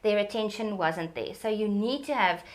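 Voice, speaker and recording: A woman, an early childhood development expert, explaining in an animated teacherly way during an interview. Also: medium pitch, moderate pace.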